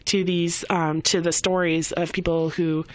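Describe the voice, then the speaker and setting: A woman guest on a podcast, telling a story in a casual, animated way and acting out quoted voices, with many fillers and restarts. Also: lowish voice, unhurried. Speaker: program volunteer guest.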